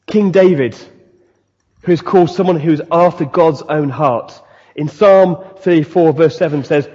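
Brief: male preacher, slightly high, husky voice, echoing hall with dull sound. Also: a little slow. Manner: animated, acts out quoted voices. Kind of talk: sermon. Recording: dull, long-reverb hall.

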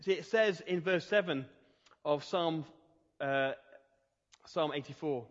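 A man preaching a sermon in an earnest, emphatic way, slowing down to stress key phrases. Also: fairly high pitch. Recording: reverberant hall, dull lo-fi sound.

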